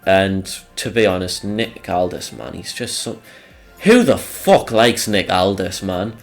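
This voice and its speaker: A man's voice: sits low, very animated, a little slow, faint music behind. A young man, a channel host, giving rambling, sarcastic commentary over a wrestling sim game and swearing freely.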